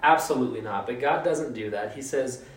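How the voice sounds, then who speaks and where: A preacher gives an informal, joking sermon in a medium-pitched voice at a slightly fast clip, using mock voices for quotes. The distant mic picks up a roomy echo.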